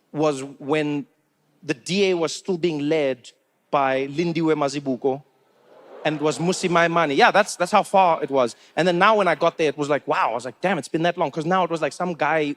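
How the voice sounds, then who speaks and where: A South African man with a fairly high voice does stand-up at a normal speed, telling a chatty, conversational story full of asides. He's on a comedy club stage, speaking into a handheld mic.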